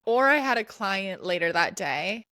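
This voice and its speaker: An animated woman with a mid-range voice and a sharp tone talks at normal speed while co-hosting a podcast. She rambles through a casual story, often restarting and leaning on "like," in clean studio sound without echo.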